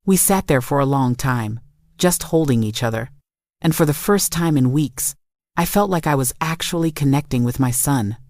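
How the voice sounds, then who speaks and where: A woman telling a first-person family story in steady, reflective scripted narration. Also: extremely low pitch, normal speed, no room sound, clean studio sound.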